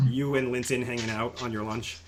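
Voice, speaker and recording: A man's voice: mid-range voice, fairly even intonation, moderate pace, crowd noise. A man narrating a tabletop game as game master, talking casually with frequent stammers and restarts.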